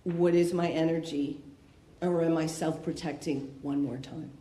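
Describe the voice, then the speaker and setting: At a recovery meeting, a woman from Canada talks candidly in a low-pitched, dark voice with fairly even intonation and a slightly slow pace. Her conversational share includes rhetorical questions, captured in an echoey, faintly noisy room.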